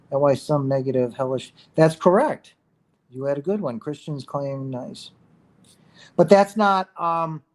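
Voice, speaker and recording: A man on a spiritual livestream, his voice on the high side, speaks about near-death experiences. He preaches with emphasis, rattles off rhetorical questions, and often asks "right?" while calling out to "guys."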